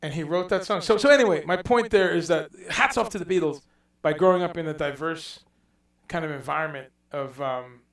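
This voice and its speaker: A man hosting a casual livestream chat, telling stories in a rambling, animated way and dropping in profanity. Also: a little high, brisk, echoey room, distant mic. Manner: rambling, animated storytelling with mock accents and profanity. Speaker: livestream host.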